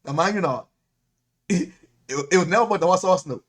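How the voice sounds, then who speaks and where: A Caribbean-accented man preaching a sermon as a deacon, his voice sitting somewhat high. He talks in a lively, repetitive way, circling back on his words and chuckling between points. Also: brisk. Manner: animated, repetitive, laughing preacher.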